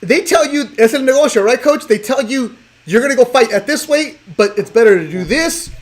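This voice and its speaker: A man's voice: extremely high pitch, expressive, a little fast. A male talk show host chatting casually and asking his guest questions.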